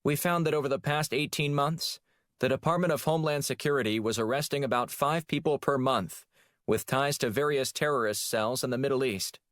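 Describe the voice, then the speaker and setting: A man voicing a crisp, eager young female analyst giving a briefing. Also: mid-range voice, brisk, a bit bright, dry recording, clean studio sound, voice pushed up, lightly acted.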